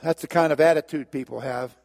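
Animated male preacher in a reverberant hall. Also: on the high side, fairly quick, creaky. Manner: animated storytelling, repeats "and, and". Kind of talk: sermon.

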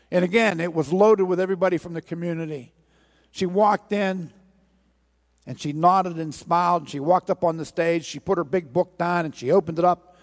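A man preaching a sermon, telling a parable with a rhythmic, repetitive storytelling cadence. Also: fairly high pitch. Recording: long hall reverb.

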